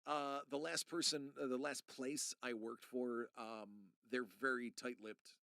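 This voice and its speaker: A man's voice: medium pitch, level tone, unhurried, vocal fry, pushed and bright, dry recording. A middle-aged man live streaming, chatting casually and earnestly to his viewers in a rambling way. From United States. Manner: rambling and earnest, talking straight to chat.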